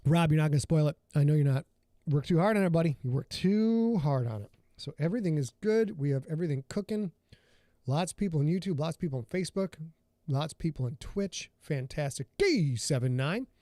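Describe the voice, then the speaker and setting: A man hosts a laid-back livestream from his home studio, rambling and calling out viewers by name. His voice sits a little high, with a warm, mellow tone. The sound is dry and close-miked, with no room echo. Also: lively intonation, brisk. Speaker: podcast host and author. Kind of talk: casual livestream chat.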